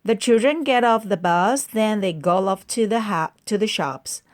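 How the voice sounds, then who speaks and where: A woman reading a children's book aloud, slow and careful, with small slips. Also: medium pitch. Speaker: reader.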